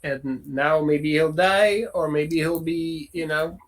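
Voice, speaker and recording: A game master narrating a tabletop game in an unhurried, hesitant way. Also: mid-range voice, fairly even intonation.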